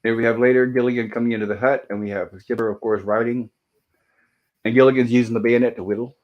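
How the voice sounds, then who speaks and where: A man's voice: medium pitch, steady tone, fast, lo-fi sound. A man hosting a show, recapping sitcom episodes over slides in a loose, apologetic way, with many fillers and self-corrections. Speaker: host reviewing episodes of an old TV sitcom.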